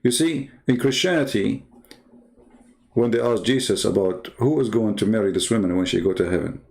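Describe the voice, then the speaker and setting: Gravelly man in heated polemical commentary. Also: fairly low pitch, moderate pace, darkish tone. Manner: combative, mocking, with rhetorical questions; non-native English grammar. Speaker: host of a religious debate channel.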